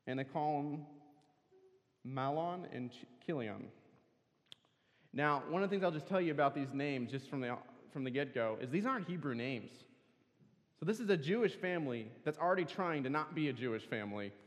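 A man's voice: on the high side, lively intonation, normal speed. A man preaching at a campus worship service, telling a scripture story earnestly and pressing hard on key words. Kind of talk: sermon. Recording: long hall reverb.

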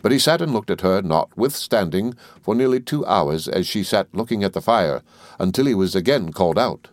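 A man narrating a classic novel as an audiobook reader in a measured, even delivery. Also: on the low side, no echo, clean studio sound.

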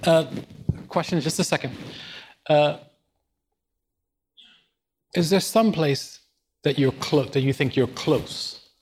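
A man's voice: on the high side, slow pace, pauses often, a little mellow, a little hiss or hum. A man interviewing, asking a follow-up question in a conversational way.

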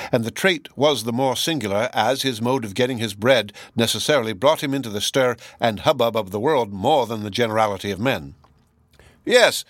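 A man narrating a classic novel as an audiobook, reading long sentences in a measured, expressive way. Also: medium pitch, dry recording. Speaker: audiobook reader.

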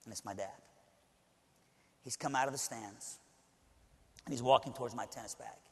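A man's voice: medium pitch, normal speed, breathy edge. A male preacher from Alabama telling a personal story in a sermon, talking conversationally with frequent asides to the audience. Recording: long hall reverb.

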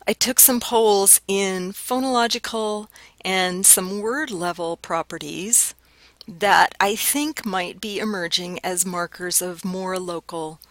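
A woman giving a university lecture in a recorded class, explaining clearly and demonstrating different pronunciations aloud. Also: fairly low pitch, fairly bright tone, no echo, low-quality recording. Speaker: linguistics lecturer.

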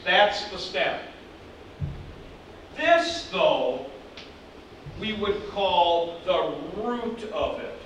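Man, classroom lecture, slow and deliberate, fairly high voice, distant mic, very echoey room, background noise. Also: lively intonation, a bit bright. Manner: conversational, digressive, repeats points with emphasis. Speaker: teacher.

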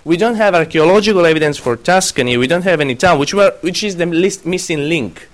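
A man's voice: on the high side, brisk. A man lecturing a class, often stopping to question students and correct himself.

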